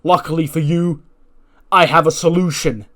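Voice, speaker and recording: A man voicing a stern male wrestling general manager, announcing a match with slow, drawn-out dramatic delivery. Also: on the high side, steady tone, pushed and bright, voice pushed up. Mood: commanding.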